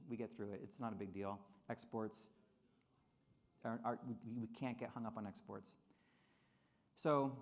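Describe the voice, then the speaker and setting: A man giving a lively convention speech on trade history, often repeating words and acting out quotes in mocking voices. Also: mid-range voice. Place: convention hall.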